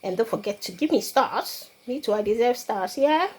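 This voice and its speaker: A woman's voice: a little high, animated, moderate pace, husky. A middle-aged woman from Ghana chatting casually to her viewers as she cooks in her home kitchen, laughing often. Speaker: cooking vlogger. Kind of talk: casual cooking demonstration.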